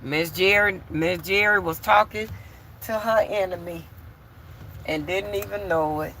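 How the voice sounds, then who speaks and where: A woman's voice: fairly low pitch, unhurried, pushed and bright, a little hiss or hum. A woman vlogger chatting bluntly and candidly to her viewers from home while doing chores. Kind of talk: casual chat to viewers.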